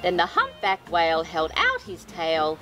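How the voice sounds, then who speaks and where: A woman reading a children's storybook aloud as host, expressive and sing-song, with chatty asides of sympathy. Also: lowish voice, a little slow, rough recording. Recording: reading over background music. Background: music.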